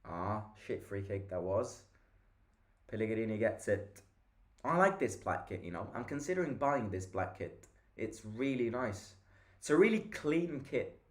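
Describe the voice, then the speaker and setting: A man's voice: fairly low pitch, lively intonation, measured pace. A tired man hosting a fan channel, chatting casually and reacting to the play as he watches a live match.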